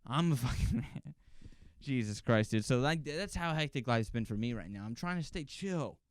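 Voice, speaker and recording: Brief: male podcast host, solo monologue, rambling and profane, smooth clear voice, dry close sound. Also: mid-range voice, expressive, normal speed, no room sound.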